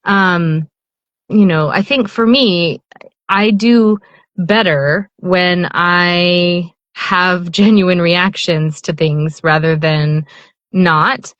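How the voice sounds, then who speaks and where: A woman's voice: lowish voice, fairly even intonation, very slow, a bit bright, no echo, highs cut off. A middle-aged woman, an audiobook narrator, chatting casually as an interview guest, rambling with lots of fillers and restarts.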